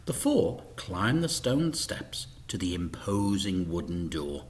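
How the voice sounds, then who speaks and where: A male teacher reading a children's book aloud, expressive and sometimes dropping to a whisper. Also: low voice, slow pace. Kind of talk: storybook read-aloud.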